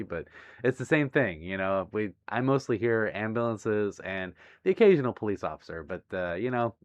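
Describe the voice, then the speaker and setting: A man livestreaming casually from home, reading viewer messages aloud, giggling often and apologizing warmly. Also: medium pitch, no echo. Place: home, near a busy street. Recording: dry, slightly muffled stream audio.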